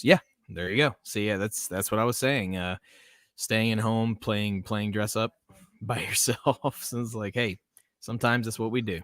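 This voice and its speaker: A man's voice: lowish voice, fairly even intonation, normal speed, fairly bright tone, no echo. A man from the American South hosting a casual live podcast stream, rambling, laughing often and reading chat comments aloud. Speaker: podcast host.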